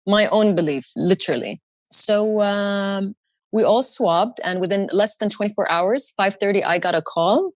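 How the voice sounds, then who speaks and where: Woman, 30s, mid-range voice, dry close sound, lively podcast guest storyteller who mimics others. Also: unhurried, no echo. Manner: animated, acts out quoted voices in a higher pitch. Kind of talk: personal storytelling.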